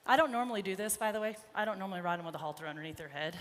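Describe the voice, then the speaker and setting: On a wireless body mic, a woman horse trainer talks rapid-fire to her colt and the crowd while riding in a live clinic at an indoor expo arena. Her medium-pitched voice has lively intonation and a bit of brightness, she's a little out of breath, and the space sounds big.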